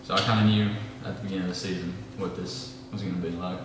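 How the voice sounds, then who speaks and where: A teenage football player answers an interview question plainly and steadily. His voice is low and flat. The sound is distant and noisy, with a long hall echo. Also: fast. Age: teens. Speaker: high school football player.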